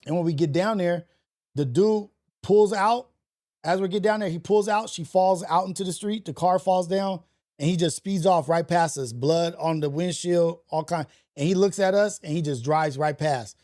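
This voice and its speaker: A man's voice: high-pitched, moderate pace, darkish tone. A man hosting a casual livestream, telling a story in loose slang full of fillers and restarts. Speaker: livestream host. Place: home setup for a portrait livestream.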